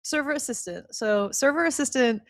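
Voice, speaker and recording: Woman cohosting a chat show, a bit high pitched, dry close sound, wry and laughing. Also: normal speed, no echo. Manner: wry, laughs often, mock-exasperated. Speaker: podcast co-host. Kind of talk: casual storytelling chat.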